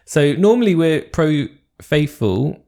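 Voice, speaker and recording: A man's voice: a little high, big pitch swings, slow, warm tone. A man co-hosting a podcast in casual chat, with a teasing, wry manner. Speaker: podcast co-host.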